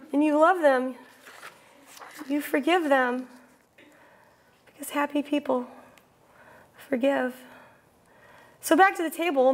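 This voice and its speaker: High-voiced woman telling a stage monologue. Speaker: solo stage performer. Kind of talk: theatrical monologue.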